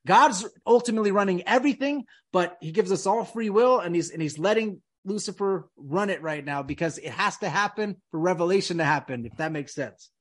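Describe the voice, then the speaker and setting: A man's voice: high voice, expressive, fairly quick, hardly any pauses, fairly bright tone. A man hosting a casual podcast, rambling and emphatic, peppering his talk with dude and man. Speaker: podcast host. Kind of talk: casual conspiracy podcast chat.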